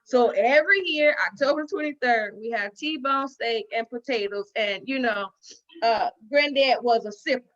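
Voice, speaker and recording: A woman's voice: a little high, moderate pace, a bit bright. A middle-aged woman giving a heartfelt personal speech at a women's dinner, folksy and storytelling, on a dull lo-fi recording. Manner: folksy storytelling with acted-out quotes and repetition. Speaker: guest speaker at a women's dinner. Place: dinner event venue.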